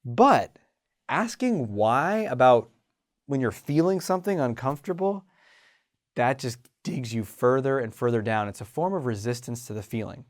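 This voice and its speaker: A man hosting a self-help show about confidence, talking in an animated way and acting out inner voices. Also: medium pitch, moderate pace. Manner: animated, acts out inner voices, frequent restarts. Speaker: host and confidence coach. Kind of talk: motivational self-help talk.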